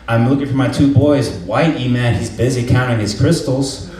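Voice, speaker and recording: A man's voice: mid-range voice, fairly quick. A young man performing a stand-up comedy set, telling stories in a laid-back way and laughing at his own jokes. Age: young adult. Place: live comedy venue with audience laughter. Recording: roomy hall sound, mic at a distance, faint noise.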